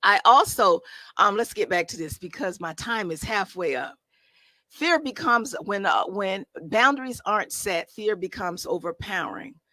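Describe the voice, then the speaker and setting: A woman's voice: medium pitch, animated, normal speed, pushed and bright, no echo. A woman life coach giving an emphatic motivational talk, casual in her phrasing and full of rhetorical questions. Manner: colloquial, conversational phrasing. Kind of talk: motivational talk to a live audience.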